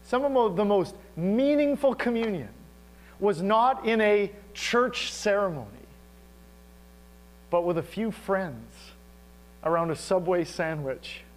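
A man preaching a sermon as pastor, animated and asking the congregation rhetorical questions. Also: high-pitched, slight background noise, poor audio.

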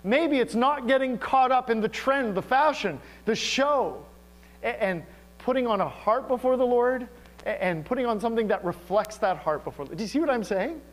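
A man preaching a sermon as pastor, animated and asking the congregation rhetorical questions. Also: very high voice, moderate pace, rough recording.

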